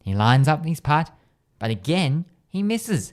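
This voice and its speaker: A man's voice: fairly high pitch, big pitch swings, unhurried. A man with an Australian accent hosting a radio show, telling a long joke in a chatty way and laughing at his own punchlines. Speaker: radio host. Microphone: studio microphone.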